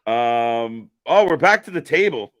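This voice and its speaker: Excited man shouting wrestling moves. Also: medium pitch, unhurried, dry recording, studio quality. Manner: excited, laughs often, shouts move names. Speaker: wrestling co-host. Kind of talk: live reaction commentary.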